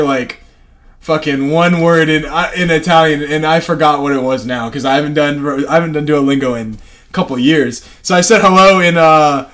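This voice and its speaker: High-voiced young man rambling through a story. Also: fairly bright tone. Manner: rambling, lots of fillers and profanity, laughs while telling stories. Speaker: podcast co-host. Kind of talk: casual storytelling chat.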